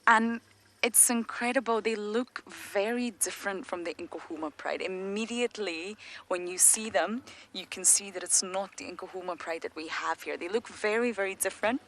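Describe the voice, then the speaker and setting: A woman's voice: medium pitch, moderate pace, fairly bright tone, a little hiss or hum. A woman guiding a live safari from an open vehicle, explaining animal behaviour enthusiastically and dropping to a whisper near the animals. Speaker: safari field guide.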